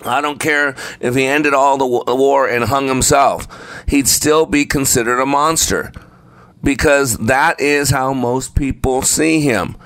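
A man's voice: medium pitch, a little slow, a bit bright, no room sound. A man preaching a sermon, speaking emphatically and repeating phrases for effect. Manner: acts out the story voices while telling it.

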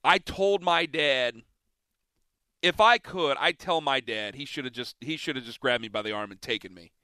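Man, sports radio host, bright forceful tone, smooth clear voice, pushy back-and-forth with callers. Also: medium pitch, moderate pace, no echo. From Ohio. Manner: lively, emphatic, talks back to callers.

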